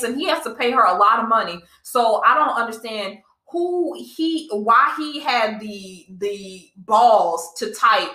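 A young woman co-hosts a relaxed podcast conversation, speaking passionately and with emphasis, and she often repeats herself. Her voice is mid-pitched, bright and forceful, and the room sounds echoey.

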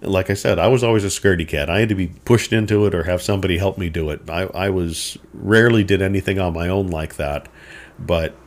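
A middle-aged man hosting a show, telling a childhood story in a relaxed, rambling, self-deprecating way. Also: sits low, a little fast. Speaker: podcast host. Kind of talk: personal storytelling.

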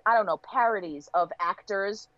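A woman's voice: mid-range voice, moderate pace, no room sound, dull audio. A woman who teaches English, a guest on a podcast, chatting casually and thinking aloud. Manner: lively, laughing, thinks aloud. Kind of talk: casual chat.

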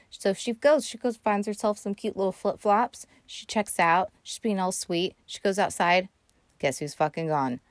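A woman's voice: lowish voice, no room sound, clean studio sound. A woman hosting a podcast, casually recapping a movie in a chatty, sarcastic way with lots of swearing and fillers. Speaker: podcast host.

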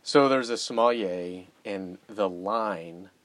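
A man's voice: fairly low pitch, takes it slowly, fairly bright tone, no echo. A man in casual conversation, telling a shared story with laughs and self-deprecating humor.

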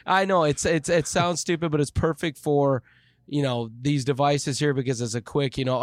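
A man co-hosting a casual podcast, talking in a relaxed, rambling way with lots of fillers. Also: a little high, normal speed, no echo, studio quality. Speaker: podcast co-host. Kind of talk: casual chat.

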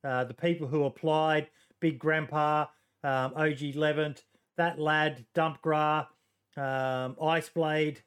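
Casual Aussie male host, smooth tone, stop-start delivery full of fillers. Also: a little high, flat delivery, takes it slowly, fairly bright tone. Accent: Australian. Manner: hesitant, lots of ums, joking. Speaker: podcast host. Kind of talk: casual podcast chat.

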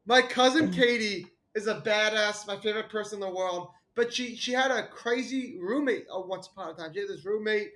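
A man's voice: high voice, a bit bright. A young man co-hosting a podcast, telling crude stories in rambling casual chat, stumbling over restarts. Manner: rambling, halting restarts, laughs at own jokes. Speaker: podcast co-host.

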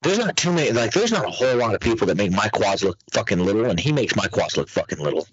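Swearing, animated man on a podcast. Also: lowish voice, quick pace, husky, no room sound, highs cut off. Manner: loose, swearing, animated storytelling. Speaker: podcast host. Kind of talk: casual profane chat.

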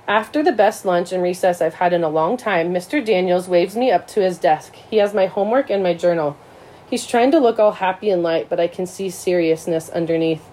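A woman's voice: on the low side, a little fast, dark tone, a little hiss or hum, rough recording. A woman reading a first-person story in a plain, reflective way. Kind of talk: first-person audiobook narration.

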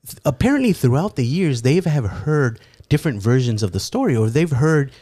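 Animated, profane storytelling man. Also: medium pitch, fairly quick, no echo. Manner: animated, profane, lots of fillers. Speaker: storyteller guest. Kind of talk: casual chat, anecdote.

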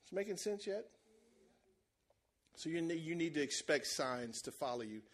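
Man, pastor, sermon storytelling, high voice, animated, acts out characters. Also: normal speed.

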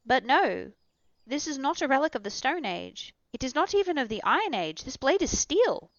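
A woman's voice: fairly high pitch, expressive, moderate pace, a bit bright, dry recording, voice pushed up. A woman voicing an earnest young explorer. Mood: eager. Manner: earnest, raised exclamations. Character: eager young male explorer, curious and earnest. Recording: dull, dry recording.

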